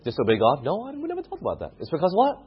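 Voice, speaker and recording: Lively, husky-voiced male preacher. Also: a little high, very fast. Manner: interactive, questioning the congregation. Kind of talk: sermon. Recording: muffled lo-fi recording.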